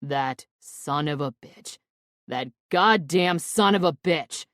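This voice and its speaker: A woman voicing a furious young male athlete who shouts and seethes with rage. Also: sits low, slow pace, no echo, clean studio sound. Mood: enraged.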